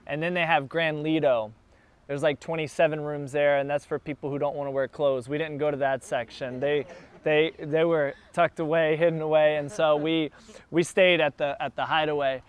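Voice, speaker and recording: A man who is a church planter, telling a casual, animated story to a group gathered in a backyard. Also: fairly high pitch, moderate pace, clean tone. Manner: animated, builds excitement as the story goes on. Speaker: church planter addressing his launch team.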